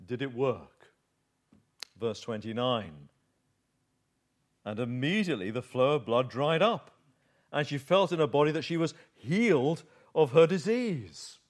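A man's voice: medium pitch, lively intonation, measured pace, pauses often. A man preaching a sermon through a Bible passage, telling it as a vivid story with rhetorical questions. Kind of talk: expository sermon.

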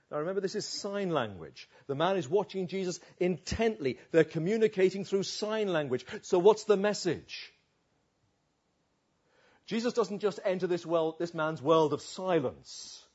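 A man preaching a sermon, shifting between slow emphatic pauses and quicker asides. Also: high voice, highs cut off. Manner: expressive, varied delivery with slow emphatic pauses.

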